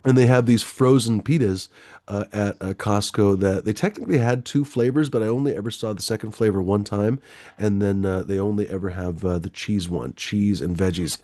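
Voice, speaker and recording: A man chatting on his own livestream, rambling along with plenty of fillers and joking asides. His voice sits low and mellow. The sound is close and dry. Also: normal speed, no echo. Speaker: livestream host. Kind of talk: casual livestream chat.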